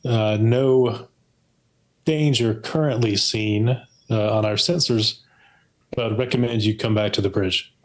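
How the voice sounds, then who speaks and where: A man in a tabletop role-playing game giving a halting report with fillers. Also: lowish voice, steady tone, poor audio. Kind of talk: casual tabletop role-play.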